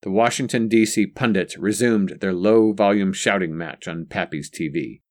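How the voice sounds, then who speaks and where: Guy reading a story out, low steady voice, calm and even. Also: moderate pace. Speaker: audiobook narrator. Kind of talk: scripted narration.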